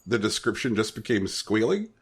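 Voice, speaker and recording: A man co-hosting a casual podcast chat, teasing in a dry, deadpan way. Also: fairly low pitch, moderate pace, husky. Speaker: podcast co-host.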